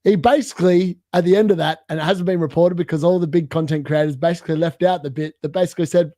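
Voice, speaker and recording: A man's voice: high-pitched, fast, hardly any pauses, warm tone, no room sound, studio quality. A man who is a guest on a casual football chat, rambling with many filler words.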